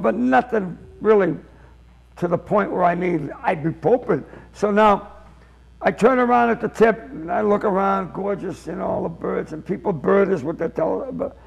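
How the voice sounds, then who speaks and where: A seventy-year-old comedian spins a lively anecdote. His voice is high, gravelly and husky. He acts out the voices of the people in his story as he goes. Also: poor audio. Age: 70s.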